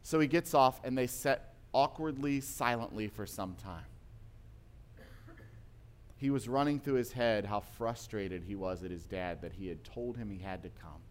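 A man's voice: on the low side, unhurried. Man preaching through a retold story. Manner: retells a story with varied loudness, acting out quoted voices. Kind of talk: sermon storytelling.

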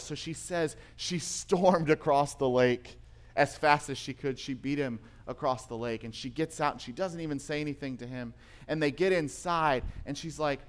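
Male pastor, slightly higher voice, sermon delivery that shifts from emphatic to hushed storytelling. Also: normal speed. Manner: storytelling preacher, swings from emphatic to quiet and intimate.

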